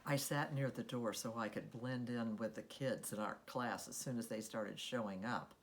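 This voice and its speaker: A woman reading a children's story aloud in an expressive, unhurried storytelling manner. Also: rumbling low, a little hiss or hum. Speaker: storybook reader.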